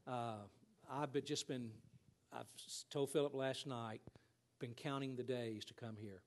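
A visiting male speaker opens his talk to a church. He is folksy and jokes easily with the congregation, his voice at an ordinary male pitch. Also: fairly even intonation, measured pace. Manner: folksy, joking. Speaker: guest speaker, ministry president. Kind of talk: friendly guest address to a church.

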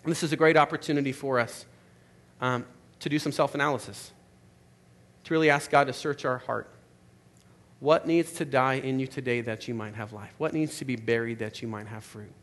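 A pastor preaches a sermon in an earnest, conversational style, using some fillers. His mid-range voice is fairly bright, with fairly even intonation and a moderate pace.

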